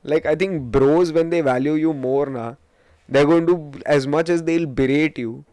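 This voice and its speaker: A man's voice: on the high side, moderate pace, warm tone, clear, resonant tone, no echo. Rambling Indian-English man, dry close mic. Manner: rambling, profane, self-mocking storytelling with Hindi asides. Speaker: podcast host. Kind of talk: casual solo podcast monologue.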